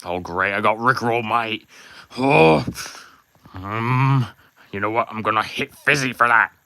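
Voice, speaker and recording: A man's voice: lowish voice, a little slow, vocal fry, pushed and bright, heavily acted. A man voicing a brash male demon puppet with a put-on Australian accent. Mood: annoyed.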